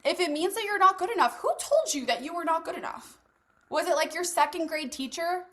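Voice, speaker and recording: A young woman leads a motivational group session in a high, bright voice. She talks casually and bluntly, drops swear words without fuss and speaks straight to her listeners like friends. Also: expressive, brisk. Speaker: host leading a live masterclass. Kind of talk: motivational coaching talk.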